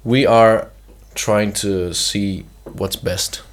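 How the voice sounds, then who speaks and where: A man's voice: fairly low pitch, steady tone, extremely slow. A young man co-hosting a podcast, talking casually and hedging his points with "I mean" and "you know". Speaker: podcast co-host. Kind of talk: casual chat.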